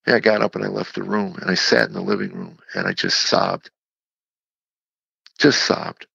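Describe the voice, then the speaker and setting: A deep-voiced man with a gravelly edge tells a candid personal story as an interview guest. He speaks haltingly and reflectively, often restarting and repeating his words. The sound is dry and a bit dull, like a lo-fi recording. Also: steady tone, pushed and bright, no room sound. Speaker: guest, Christian comedian.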